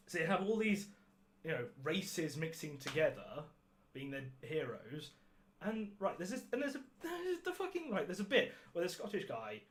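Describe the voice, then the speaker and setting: A man's voice: a little high, slight background noise. A man hosting a podcast, reviewing a film in casual chat, sarcastic and ranting, swearing freely and laughing at his own jokes. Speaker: podcast host.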